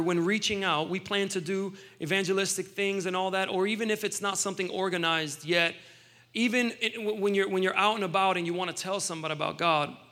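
A man in his thirties delivers a sermon, weaving his own testimony into scripture. His voice sits high and sounds bright and forceful, and he talks in a loose, emphatic way, often restarting and adding asides. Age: 30s. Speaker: preacher.

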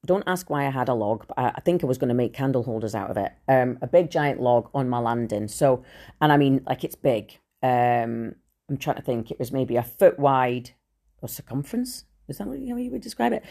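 Dosadna Brytyjka opowiadająca historię. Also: female voice, extremely low pitch, warm tone. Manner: blunt, swears freely, many fillers. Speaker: podcast host. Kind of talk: casual storytelling monologue.

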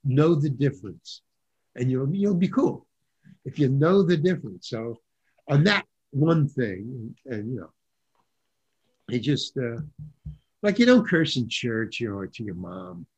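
An older man, a guest actor, telling stories in casual chat over a video call, with stammering restarts and animated voices for the people he quotes. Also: medium pitch, a little slow, long pauses, lo-fi sound. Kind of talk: casual anecdotal storytelling.

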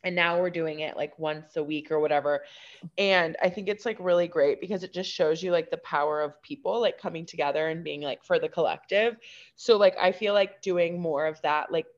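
A woman's voice: fairly low pitch, brisk. A young woman co-hosting a podcast, rambling casually with "like" in nearly every phrase. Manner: rambling, heavy use of "like". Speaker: podcast co-host. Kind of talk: casual chat. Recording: dull lo-fi sound.

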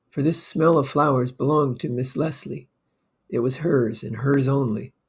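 A man reading a story aloud in a slow, measured way. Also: mid-range voice, darkish tone, breathy edge. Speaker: narrator.

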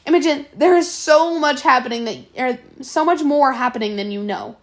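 A woman's voice: high voice, normal speed, close to an everyday voice. A woman reading aloud and voicing a defiant, cocky teenage orphan boy who talks in a bold, defensive way.

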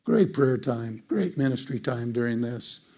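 A man telling a story in a sermon to a church group, animated and conversational, leaping into high voices when he quotes people. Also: unhurried. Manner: conversational, many "it's like" asides. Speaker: teacher speaking to a church group.

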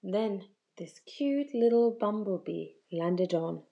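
A woman narrating a children's story slowly and gently. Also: fairly low pitch, vocal fry.

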